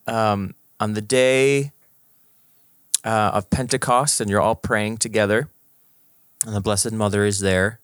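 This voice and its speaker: A man, a priest co-hosting a podcast, talks reflectively about faith, unhurried and pausing to search for words. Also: lowish voice, fairly even intonation, no echo. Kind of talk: casual faith discussion.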